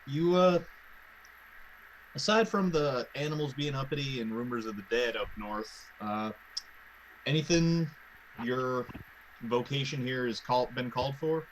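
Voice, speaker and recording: A man playing a tabletop game, speaking in a halting, plain way. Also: medium pitch, slight background noise, rough recording. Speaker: player. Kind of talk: casual tabletop play.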